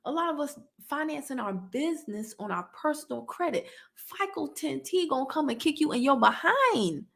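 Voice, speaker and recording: Lady chatting on a live stream, high bright voice, laughs a lot, talks right to the viewers. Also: animated, normal speed, creaky. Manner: chatty, laughing often, talks straight to her audience. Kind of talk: casual chat to live viewers.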